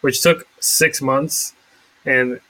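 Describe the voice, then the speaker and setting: A man's voice: mid-range voice, steady tone, drawn-out words, pushed and bright, rough recording. A young man co-hosting a podcast, chatting casually with rambling, sarcastic asides. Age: young adult. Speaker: podcast co-host. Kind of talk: casual chat.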